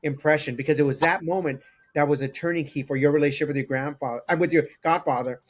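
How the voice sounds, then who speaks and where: A man hosting a podcast, asking interview questions in a slow, reflective way. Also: a little high, steady tone. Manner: reflective, slow, searching phrasing. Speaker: podcast host.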